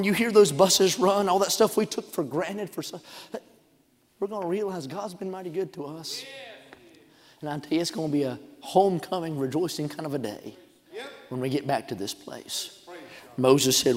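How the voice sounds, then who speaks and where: A man preaching a revival sermon in a church sanctuary, shouting and chanting his points, then dropping into quieter storytelling asides. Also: on the high side, normal speed. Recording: long hall reverb.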